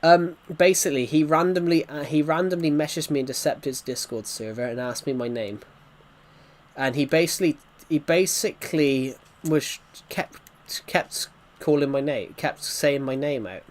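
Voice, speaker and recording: A man's voice: on the high side, moderate pace. A man, a gaming streamer, telling a story in casual chat with rambling restarts.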